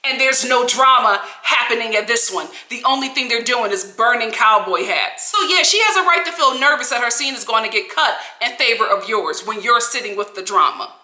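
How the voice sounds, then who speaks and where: A woman vlogger giving casual reality-TV commentary in an animated, sassy, slangy way. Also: fairly high pitch, fairly quick, few pauses, echoey room. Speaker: vlogger, TV recap host.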